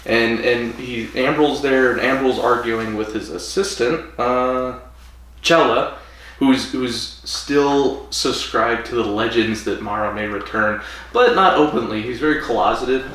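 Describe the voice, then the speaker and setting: Man, casual podcast co-host, acts out lines, roomy echo, distant from mic, faint hiss. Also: medium pitch. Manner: animated, acts out characters' lines in quick put-on voices. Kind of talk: casual chat recapping an episode. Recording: echoey room, far from mic, faint hiss.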